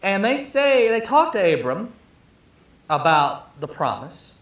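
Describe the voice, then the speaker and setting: A man's voice: sits high, big pitch swings, slow, a bit bright, reverberant, muffled recording. A male pastor preaching a sermon, telling the story with emphasis and joking asides to the congregation.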